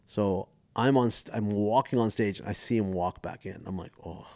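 With a lowish voice, a moderate pace, and hardly any pauses, a US comedian in his forties guests on a podcast. He spins stories casually, animatedly imitating the people he quotes.

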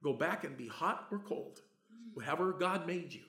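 Animated preacher in an echoing church. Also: male voice, fairly high pitch, normal speed. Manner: animated, swings from loud to hushed, conversational. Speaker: pastor. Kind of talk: sermon. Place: church hall. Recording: roomy church echo.

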